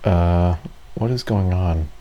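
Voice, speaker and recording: A man's voice: low voice, slow, mellow, dull audio, slight background noise. A man giving casual, rambling commentary over his own gameplay, self-deprecating and full of fillers. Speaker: gaming video creator.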